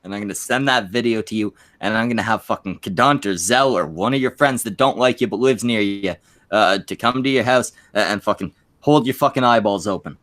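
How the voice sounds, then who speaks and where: A man's voice: fairly low pitch, fairly quick, fairly bright tone. A man with a Quebec French Canadian accent hosting a stream, rambling through crude, casual banter full of fillers and restarts. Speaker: stream host.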